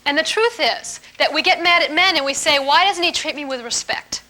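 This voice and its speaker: A woman giving a live relationship seminar to an audience, lively and emphatic, often playful. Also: high voice, a little fast. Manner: lively, emphatic, playful, laughs while teaching.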